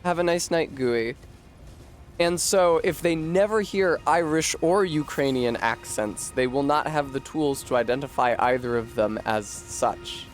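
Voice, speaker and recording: A man's voice: a little high, measured pace, faint music behind. A man streaming a video game, chatting casually with viewers in a rambling, profane way. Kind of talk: casual chat while gaming.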